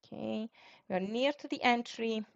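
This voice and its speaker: A woman's voice: fairly high pitch, normal speed, creaky. Woman narrating her live stock trades. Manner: running commentary on trades, frequent fillers and sighs of disappointment. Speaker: day-trading livestream host. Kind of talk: live trading commentary. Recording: dull lo-fi stream audio.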